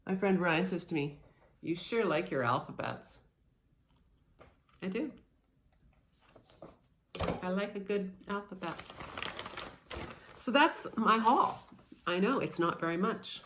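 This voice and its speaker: A woman's voice: medium pitch, expressive, slow, pauses often, fairly bright tone, slight background noise. A woman in her thirties chatting casually and playfully as she shows off her cross-stitch haul, a bit scattered with lots of fillers. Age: 30s. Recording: echoey room.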